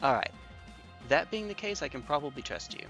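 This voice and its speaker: A man's voice: a little high, big pitch swings, brisk, sharp tone, faint music behind. A man streaming online battles, joking and thinking aloud in casual commentary with lots of repeats.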